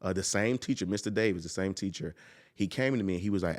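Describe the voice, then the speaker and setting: A young man, a podcast guest, telling a personal story in a casual, animated way and acting out the people in it. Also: low voice, fast. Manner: animated, acts out quoted people.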